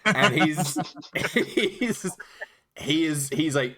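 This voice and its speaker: A man narrating a tabletop game as dungeon master, animated and quick to laugh. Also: on the high side.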